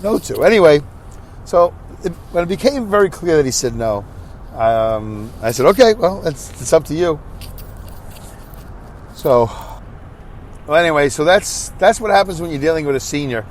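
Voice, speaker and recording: A man's voice: a little high, big pitch swings, normal speed, a little hiss or hum. A middle-aged man, hosting a casual podcast monologue, exhausted and rambling while driving his truck. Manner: rambling, tired, self-deprecating. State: exhausted, sleepy. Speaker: podcast host.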